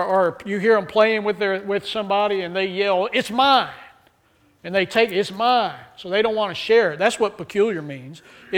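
Male pastor, high voice, humorous sermon, call-and-response with the congregation. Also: a bit bright.

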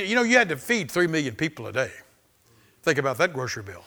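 A pastor preaching with a bright, forceful voice that sits a little high for a man. He hammers his points through repetition and calls out for amens. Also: very animated, fast, creaky. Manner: emphatic preaching, repeating phrases, calling for amens. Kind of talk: sermon.

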